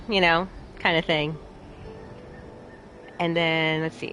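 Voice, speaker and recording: Giggly, animated woman streamer. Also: deep voice, slow, long pauses, slight background noise. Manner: bubbly, giggly, animated, talks to chat. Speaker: streamer and host. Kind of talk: casual chat while playing a game live.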